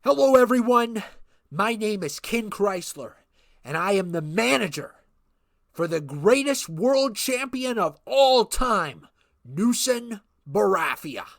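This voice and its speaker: A man playing a boastful male wrestling manager who cuts a loud, pompous, taunting promo. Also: high voice, sing-song, slow pace, no echo, pitched above the performer's own voice, exaggerated voice. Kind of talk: wrestling promo role-play.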